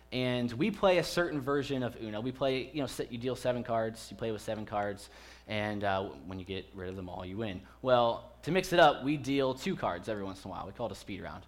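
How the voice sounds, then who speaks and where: A man in his thirties preaches a casual sermon in a church. His voice sits at an ordinary middle pitch. He talks to the congregation like old friends and jokes with them as he goes. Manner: chatty and joking with the congregation. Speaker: pastor. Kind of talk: conversational sermon.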